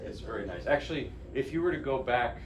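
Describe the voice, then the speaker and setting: A man's voice: mid-range voice, lively intonation, fast, background noise. A man from New Jersey who plays piano chats informally between pieces in a small, living-room-like recital room. He rambles, breaks off his own sentences and keeps a lighthearted tone. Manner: chatty, rambling, self-interrupting, lighthearted. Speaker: pianist giving a lecture-recital. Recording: distant mic with faint room ambience.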